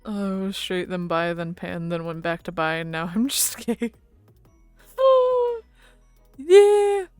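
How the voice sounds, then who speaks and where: Chatty woman streamer, smooth dry voice. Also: lowish voice, fairly even intonation, moderate pace, few pauses, no echo, soft background music. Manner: rambling and chatty, laughs often. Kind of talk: casual chat with viewers.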